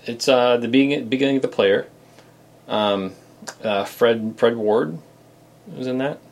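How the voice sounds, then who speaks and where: A man's voice: medium pitch, vocal fry. A man co-hosting a podcast in casual chat, often restarting and trailing off into fillers. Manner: halting, many restarts and fillers. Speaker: podcast co-host.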